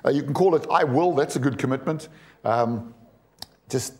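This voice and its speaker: A man's voice: fairly high pitch, animated, brisk, a little mellow. A man in his forties preaching a sermon, emphatic, repeating words and putting questions to the congregation.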